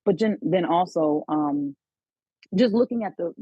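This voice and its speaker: A woman's voice: fairly low pitch, a little slow, breathy edge, dry recording. Rambling woman caller on a phone line. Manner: rambling, thinks aloud with many fillers. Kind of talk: casual phone call.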